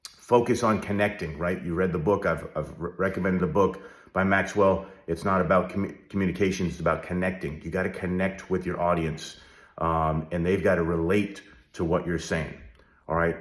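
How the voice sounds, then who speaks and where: A man's voice: sits low, steady tone, normal speed. A middle-aged man speaking straight to the viewer as a leadership coach, direct and coaching, often checking in with "all right?". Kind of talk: direct-to-camera advice talk. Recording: roomy echo.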